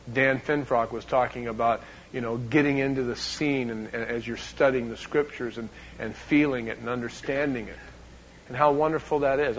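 A man preaching a sermon as a pastor, emphatic, swinging between loud and hushed, often repeating words. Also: mid-range voice, lo-fi sound, a little hiss or hum.

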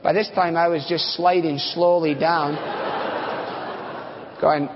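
A man's voice: fairly high pitch, steady tone, slow, pauses often, a little hiss or hum. A man preaching a sermon in a conversational, folksy way, telling stories with fillers and asides. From United States. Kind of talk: sermon with storytelling. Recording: dull recording with long hall reverb.

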